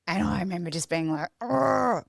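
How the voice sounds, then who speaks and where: A young woman with a low voice tells her story as a podcast guest. She speaks in a raw, confessional way and often stops and restarts. The sound is close and dry. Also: fairly even intonation, normal speed, no echo. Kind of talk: candid personal storytelling.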